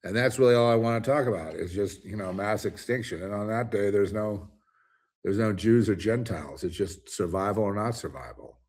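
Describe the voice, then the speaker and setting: A man's voice: fairly low pitch, fairly quick, a little mellow. A man hosting his own commentary show, ranting alone in an emphatic, rambling way with many restarts. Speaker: commentary host. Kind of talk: ranting solo monologue.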